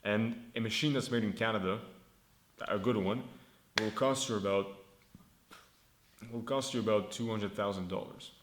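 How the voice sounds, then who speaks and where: Twenties man, founder vlogging; loose, profane storyteller, lowish voice, roomy echo. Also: moderate pace, pauses often, background noise. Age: 20s. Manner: rambling, swears freely, acts out dialogue. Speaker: founder vlogging his startup. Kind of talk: casual storytelling.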